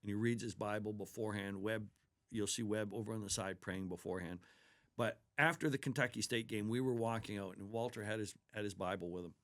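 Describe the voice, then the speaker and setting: Low-ish voice guy, basketball coach chatting in an interview, earnest and keen on his players. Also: steady tone, a little fast, fairly bright tone. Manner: earnest, storytelling, talks about his players with enthusiasm. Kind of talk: casual sports interview.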